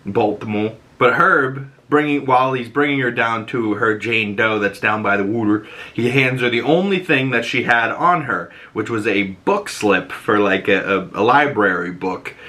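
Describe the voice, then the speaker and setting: A man with a bright, forceful voice talks through a TV episode as the show's host. His delivery is loose and conversational, full of rambling asides and quick "you know what I mean" check-ins. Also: mid-range voice. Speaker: show host reviewing a TV episode. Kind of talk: casual recap and reaction.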